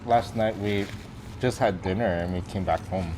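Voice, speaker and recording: A man's voice: fairly low pitch, moderate pace, background noise. A man co-hosting a casual mukbang chat at home, easygoing and teasing between bites. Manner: teasing, easygoing, relaxed while eating. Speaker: co-host.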